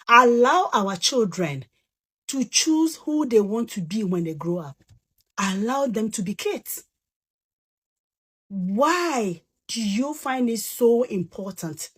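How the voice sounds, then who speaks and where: A woman's voice: medium pitch, husky. A woman speaking as a parent in an impassioned, pleading appeal. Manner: pleading, deliberate.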